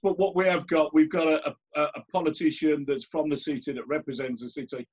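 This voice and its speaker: Birmingham man as host, husky voice, chatty and halting, dull sound. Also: a little high, steady tone, a little mellow. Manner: conversational, hesitant, restarts phrases. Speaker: host and chair. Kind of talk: hosting a conversation.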